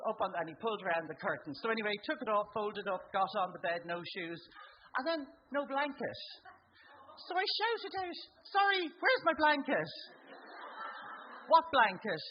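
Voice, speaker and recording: Middle-aged Irish woman, stand-up storyteller with a very animated pitch and a muffled live recording. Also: a little hiss or hum. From Ireland. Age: 40s or older. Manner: conversational storytelling, leaping up in pitch for acted-out exclamations. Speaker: stand-up comedian. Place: live comedy venue.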